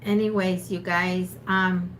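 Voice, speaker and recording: A woman's voice: on the low side, flat delivery, takes it slowly, a bit bright, a little hiss or hum. A woman co-hosting a casual livestream with a sore throat, chatting directly to viewers. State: sore throat, under the weather. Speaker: livestream co-host.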